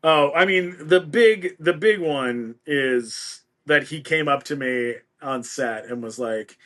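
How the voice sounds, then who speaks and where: A man's voice: mid-range voice, measured pace, few pauses, fairly bright tone. A middle-aged man telling a story as a podcast guest, playfully acting out the voices of the people in it. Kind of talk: casual interview storytelling.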